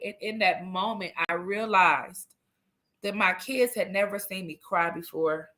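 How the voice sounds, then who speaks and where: A woman's voice: mid-range voice, unhurried, fairly bright tone. A middle-aged woman hosting a livestream, telling a personal story in an earnest, emphatic and frank way. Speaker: livestream host.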